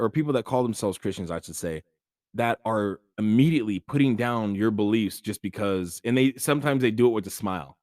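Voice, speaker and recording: A man's voice: mid-range voice, a little mellow, no echo, clean studio sound. A man hosting a podcast, talking earnestly and casually with frequent fillers. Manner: earnest, conversational, many fillers. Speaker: podcast host. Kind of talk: casual monologue on faith.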